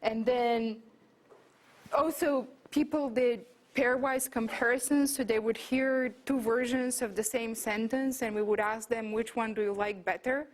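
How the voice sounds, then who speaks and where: A woman's voice: on the high side, fairly even intonation, a little slow. A woman giving an academic lecture, explaining her research in a thinking-aloud way with frequent fillers and restarts. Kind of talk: academic talk with slides. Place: lecture room.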